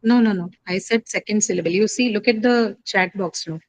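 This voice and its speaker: A woman's voice: medium pitch, fairly quick, poor audio. Woman teacher correcting a student. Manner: patient, corrective, explains step by step. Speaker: English teacher. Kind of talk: online class Q&A. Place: online video class.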